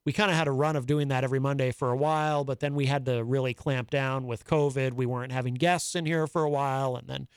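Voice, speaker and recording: A man's voice: mid-range voice, steady tone, fast, hardly any pauses, clean tone, no echo. A man hosting a live radio talk show from a studio, chatting in a rambling, self-amused way on a studio microphone. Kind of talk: casual monologue.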